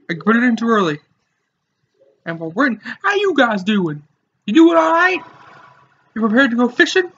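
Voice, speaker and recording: A man's voice: high voice, bright, forceful tone, slightly rough, dull audio. A young man rambling and joking to viewers while playing a game. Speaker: gamer. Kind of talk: casual let's play commentary.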